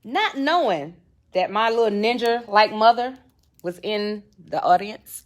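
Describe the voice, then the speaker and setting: A woman podcast host telling a comic personal story, animated and profane, talking straight to her listeners. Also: medium pitch, a little slow.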